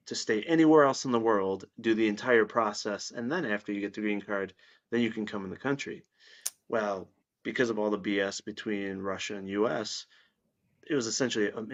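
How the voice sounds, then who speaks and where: A man's voice: on the low side, steady tone, a little fast. A man chatting as a podcast guest, blunt, opinionated and given to swearing. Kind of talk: casual podcast chat. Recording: dull lo-fi sound.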